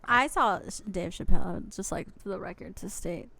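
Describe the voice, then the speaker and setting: A woman's voice: medium pitch, moderate pace, creaky, bright, forceful tone. A woman guest on a podcast, chatting casually and cutting in with blunt, teasing questions. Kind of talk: casual chat.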